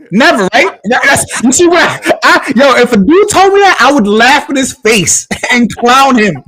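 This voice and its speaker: A man's voice: very high voice, very animated, unhurried, pushed and bright. A man co-hosting a podcast, talking in a casual, emphatic way and often repeating his words. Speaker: podcast co-host. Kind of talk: casual chat.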